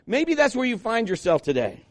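A male pastor delivering a conversational sermon, with lively asides to his congregation and read scripture passages. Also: very high-pitched, moderate pace, no room sound, studio quality.

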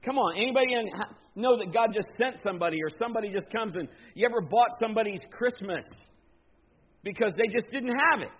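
A man's voice: very high-pitched, lo-fi sound, a little hiss or hum. A man preaching a sermon to his congregation in a folksy, conversational way, asking them questions. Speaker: pastor.

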